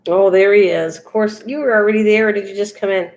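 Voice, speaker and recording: A woman's voice: mid-range voice, fairly even intonation, fast. An older woman hosting a crafting livestream, chatting casually and reading viewers' comments aloud as she answers them. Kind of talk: casual chat with live viewers.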